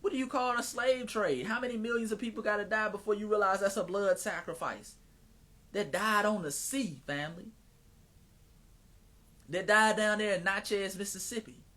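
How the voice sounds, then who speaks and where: A man hosting a live stream, talking in a casual, animated, preacher-like cadence and sometimes slipping into mocking voices. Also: high voice, normal speed.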